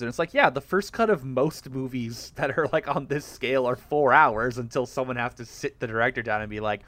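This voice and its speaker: Animated, joking male podcast host. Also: mid-range voice, moderate pace, no room sound. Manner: animated, laughs often, jokey. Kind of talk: casual movie chat.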